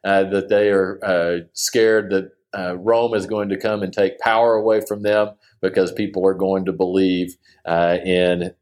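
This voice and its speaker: A man with a somewhat low voice walks through a scripture passage like an informal study leader. He talks loosely and earnestly, pausing on "uh" and restarting his sentences as he thinks aloud. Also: little pitch movement, a little mellow. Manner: loose and conversational, with many "uh"s and restarts; earnest and enthusiastic about the text. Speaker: Bible teacher. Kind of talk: casual Bible study commentary.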